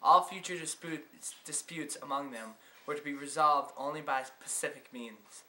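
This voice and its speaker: A young man reads a school history report in the style of a news broadcast. His voice is bright and clear, with a faint hiss on the home recording. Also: on the high side, moderate pace, rough recording. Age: teen or young adult. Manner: announcing, reading out facts. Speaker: student narrator of a school history project. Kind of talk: mock news narration.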